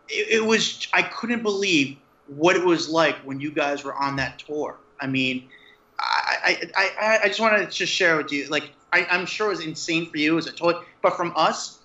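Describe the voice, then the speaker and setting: A man interviewing a guest, a journalist, asking long rambling questions with halting restarts. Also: fairly high pitch, pushed and bright. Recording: roomy, dull lo-fi sound.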